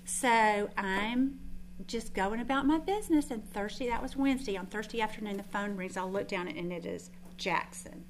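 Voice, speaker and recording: A woman's voice: mid-range voice, moderate pace, slight background noise. A woman, telling stories in a chatty, self-deprecating way while teaching a group. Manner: chatty, self-deprecating storytelling with frequent restarts. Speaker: Bible teacher. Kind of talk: informal sermon to a group.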